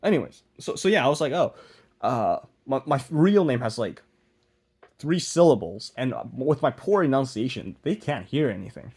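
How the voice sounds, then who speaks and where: Chatting to camera as he works on a project, this young man mumbles, makes self-deprecating remarks, and keeps trailing off and restarting in a loose vlog style. He talks at normal speed in a sing-song, medium-pitched voice with a darkish, slightly rough tone.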